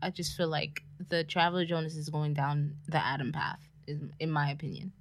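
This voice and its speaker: A woman's voice: low voice, fairly even intonation, fairly quick. A woman co-hosting a podcast in casual chat, blunt and slangy, swearing casually. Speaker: podcast co-host. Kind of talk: casual chat recapping a TV series.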